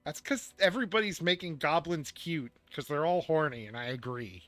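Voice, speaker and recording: A man's voice: a little high, moderate pace, heavy background noise. A man running a tabletop game as game master, chatty and laid-back.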